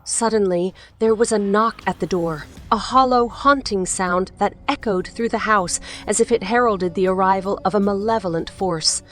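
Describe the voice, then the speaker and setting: A woman voicing a frightened, grieving widow in an audiobook, speaking in a trembling, hushed voice. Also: medium pitch, normal speed, hardly any pauses, pitched above the performer's own voice, close to an everyday voice. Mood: fearful. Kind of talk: audiobook character voice.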